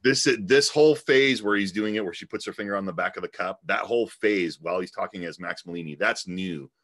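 Low-voiced man, earnest, detailed explainer, casual chat. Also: fairly quick, a bit bright. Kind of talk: casual chat about magic.

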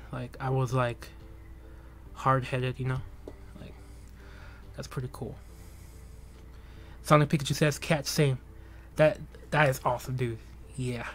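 A man's voice: medium pitch, little pitch movement, slight background noise. A young man hosting a livestream, chatting casually and rambling with lots of laughs and jokes. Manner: rambling, joking, laughs often, drawn-out bits. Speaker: livestream host.

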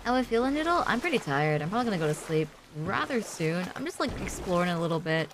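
Over a noisy background, a woman with a lowish voice streams a video game, talking fast and very animatedly. She chats casually as she plays, rambling with lots of fillers.

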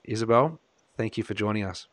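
A man co-hosting an interview show, effusive, excitable and openly emotional. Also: fairly low pitch, a little fast, dry recording. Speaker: co-host, wellness expert.

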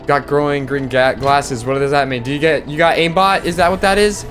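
A man giving excitable live gameplay commentary, yelping and laughing at the action as game music plays. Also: a little high, brisk, a little hiss or hum.

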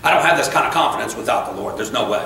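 Speaking very fast with lively intonation, this man's medium-pitched voice sounds gravelly and sharp as he preaches in a church sanctuary. His emphatic, repetitive sermon includes casual digressions and personal stories, and the echoey room is recorded from afar.

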